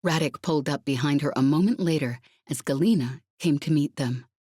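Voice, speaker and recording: A woman narrating a sci-fi audiobook in a brisk, vivid reading style. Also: sits low, dark tone, husky, no echo, clean studio sound.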